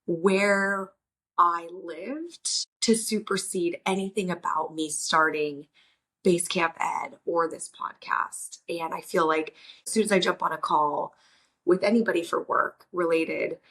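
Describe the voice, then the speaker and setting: A woman's voice: lowish voice, steady tone, measured pace, fairly bright tone. A woman, hosting a reflective solo podcast and rambling with frequent restarts. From United States. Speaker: podcast host.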